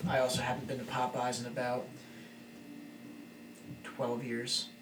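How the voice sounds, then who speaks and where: A man's voice: medium pitch, completely flat delivery, a little slow, fairly bright tone. A man co-hosting a casual podcast chat, cutting in with dry jokes. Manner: wisecracking, interjecting with jokes. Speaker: podcast co-host. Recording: roomy sound from off-mic with faint room noise.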